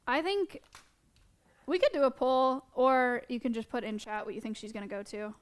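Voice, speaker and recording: High-voiced woman casually streaming. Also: normal speed, clean tone. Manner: chatty, addresses her chat directly, light laughs. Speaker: streamer hosting an animal segment. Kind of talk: casual live-stream chat. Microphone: wearing headphones at a streaming setup.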